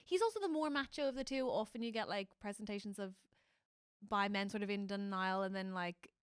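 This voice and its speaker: A woman co-hosting a comedy podcast in casual chat, excitable and quick to laugh. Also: mid-range voice, smooth, dry recording, clean studio sound. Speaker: podcast co-host.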